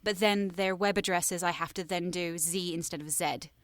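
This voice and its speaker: A woman's voice: on the low side, fairly even intonation, clean tone, dry recording. A woman voice actor with an American accent and a slight Southern twang, chatting casually in an interview and joking at her own expense. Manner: chatty, self-deprecating, quick asides. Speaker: voice actor guest.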